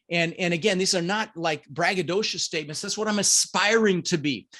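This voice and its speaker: A middle-aged man with a fairly high voice, speaking from a room at home. He is a punchy, emphatic interview guest who drives each point home and keeps calling his listeners "guys". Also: a little fast, few pauses, bright, forceful tone. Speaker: guest, business coach. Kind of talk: energetic motivational interview talk. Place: home room with green screen.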